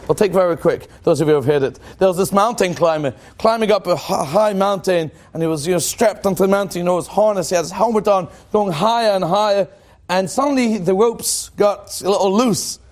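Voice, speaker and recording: A man, a rabbi, teaching a Torah class in an animated, joking way and asking his listeners questions. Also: high-pitched.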